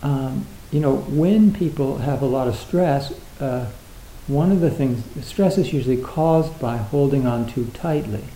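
A man's voice: mid-range voice, measured pace, dark tone, echoey room, slight background noise, low-quality recording. A man giving a reflective, casual talk on Zen, hesitant and full of fillers, acting out little dialogues.

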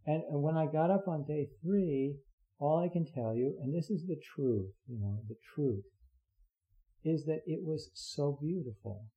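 A man's voice: a little high, measured pace, highs cut off. A man giving a heartfelt, rambling Zen dharma talk, full of fillers and restarts. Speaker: Zen teacher.

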